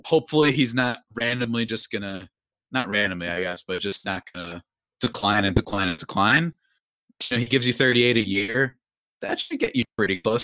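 A young podcast host with a lowish voice talks briskly about sports, rambling casually with frequent restarts, asides, and self-interruptions. His animated delivery is recorded with clean, echo-free studio quality.

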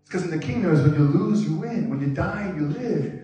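A young man from Korea preaching a passionate sermon as a youth pastor, moving between quiet confession and shouted exhortation. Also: fairly high pitch, expressive, fairly quick. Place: church sanctuary. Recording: very echoey hall with loud music behind.

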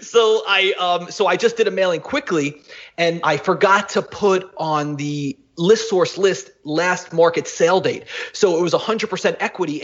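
Bubbly high-voiced man on a dull line. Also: normal speed. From Florida. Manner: ebullient, laughs often, animated storytelling. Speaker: podcast guest. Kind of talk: energetic casual chat. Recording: dull lo-fi sound.

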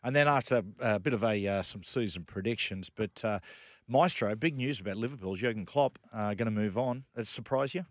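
A man's voice: fairly low pitch, a little fast, no echo. A man hosting a radio show, telling stories with laughs and rambling asides. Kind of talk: casual banter and storytelling.

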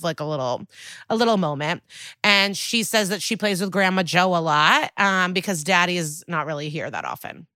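Podcast co-host, woman: bright, dry close voice, chatty recap delivery. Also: fairly low pitch, dry recording. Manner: chatty, quotes characters in lively bursts. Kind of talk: casual episode recap.

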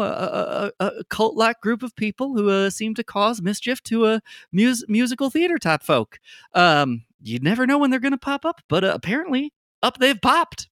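A chatty, folksy Southern woman in a tabletop game, as a man puts her on in a high, bright, lilting voice. She drawls through long sentences with plenty of "y'all.". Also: no room sound, clean studio sound. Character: chatty Southern woman, helpful local expert.

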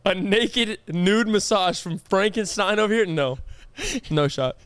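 A young man co-hosting a podcast, telling a story with exasperated, animated mock outrage in casual chat. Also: sits high, unhurried, smooth, dry recording. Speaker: podcast co-host.

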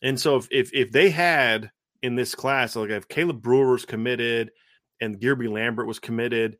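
A man in his thirties co-hosts a casual college football podcast, speaking emphatically and repeating his points. His voice is medium-pitched and fairly bright, with fairly even intonation and normal speed, recorded in studio quality without echo.

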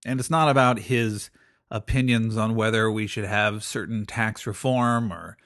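A man's voice: mid-range voice, fairly bright tone, dry recording. Guy hosting a talk show, rambling and self-deprecating, lots of uhs, dry close mic. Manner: conversational, self-deprecating, with many fillers. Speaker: podcast host. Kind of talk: casual spoken commentary.

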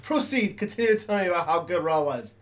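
A wry male podcast co-host teases the others bluntly in casual chat. His voice sits a little higher than most men's. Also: expressive, quick pace.

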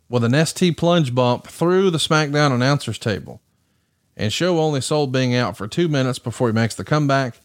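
A man hosting a podcast, giving a brisk recap of matches with wry asides. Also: mid-range voice. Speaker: podcast host. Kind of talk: casual wrestling recap commentary.

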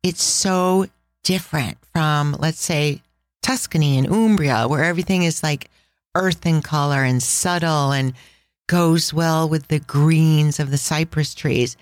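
Chatty low-voiced woman podcast host. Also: a little slow, no room sound. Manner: enthusiastic, chatty storytelling. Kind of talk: casual travel podcast chat.

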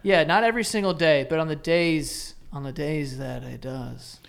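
A man, chatting on a loose comedy podcast. He rambles through self-deprecating stories full of "like" and "uh," his voice pitched slightly high. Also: moderate pace, vocal fry, smooth. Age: 30s. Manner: rambling, filler-heavy, self-deprecating anecdotes. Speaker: podcast co-host. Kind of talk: casual comedic chat.

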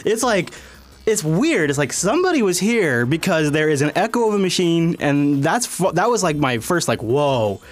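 A man hosting a tech podcast in casual chat, rambling and animated, laughing often. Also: on the high side, moderate pace. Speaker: podcast host.

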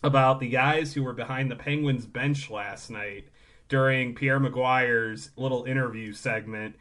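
A man's voice: mid-range voice, steady tone, unhurried, fairly bright tone. A man co-hosting a sports podcast, chatting casually with wry, sarcastic asides. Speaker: podcast co-host.

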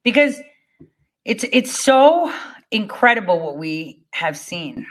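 A woman vlogging to her viewers, telling a story in a blunt, animated way, swearing freely and using lots of "like" and "you know.". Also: mid-range voice, takes it slowly. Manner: conversational, many fillers like "you know" and "like".

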